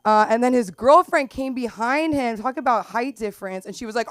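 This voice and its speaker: Performing stand-up at an open mic in a small comedy club, a young woman talks a little fast in a fairly high voice, captured in a dry recording. Her rambling stories lean on "like" and "um," and she suddenly switches into loud voices to mimic the people involved.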